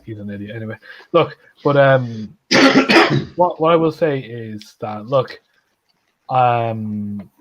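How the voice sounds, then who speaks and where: A man's voice: medium pitch, highs cut off. A man in a casual football chat, blunt and opinionated, often restarting his sentences. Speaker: football podcast panelist.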